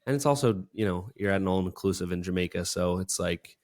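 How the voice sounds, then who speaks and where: A young man with a somewhat low voice chats casually on a podcast. He tells a long story in a rambling way, full of fillers and restarts. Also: brisk, darkish tone. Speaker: podcast co-host. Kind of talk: casual chat.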